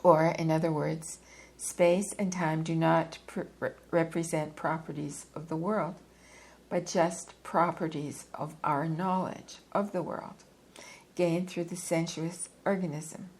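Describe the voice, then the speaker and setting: A woman reading a philosophy book aloud in a measured, deliberate way, stopping now and then for a quick aside or to correct herself. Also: low-pitched, fairly even intonation, a little mellow, low-quality recording. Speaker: reader.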